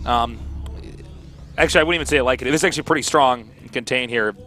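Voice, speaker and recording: A man's voice: medium pitch, quick pace, pushed and bright, soft background music. An American man casting a live esports match, mixing chatty jokes with play-by-play analysis. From United States. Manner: chatty, jokey banter between analysis. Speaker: esports caster.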